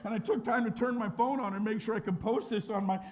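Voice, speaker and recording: A man voicing a whiny, complaining man who cries loudly for attention in a melodramatic, wailing way. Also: high-pitched, steady tone, normal speed, voice pushed up, lightly acted.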